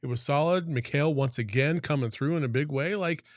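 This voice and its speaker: A man co-hosting a sports podcast, excitable, hyping the team and breaking into shouts. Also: on the high side, brisk, no room sound, studio quality. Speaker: podcast co-host.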